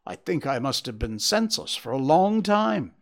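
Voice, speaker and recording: A shaken young engineer, breathless and worn out after a violent night, as a male reader puts him on. The voice sits higher than the narrator's, rising and falling with nervous energy and a gravelly edge underneath. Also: sing-song, normal speed. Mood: weary.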